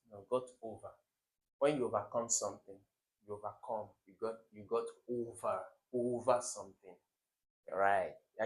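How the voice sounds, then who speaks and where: Emphatic man teaching English. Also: medium pitch. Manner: emphatic teacher, repeats words and quizzes the viewer. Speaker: exam tutor. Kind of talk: recorded exam-prep lesson.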